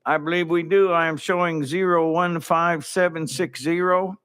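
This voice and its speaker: A man chairing a legislative committee hearing, calling motions and votes in a brisk, businesslike way in a hearing room. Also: a little high, fairly even intonation, fairly bright tone, smooth.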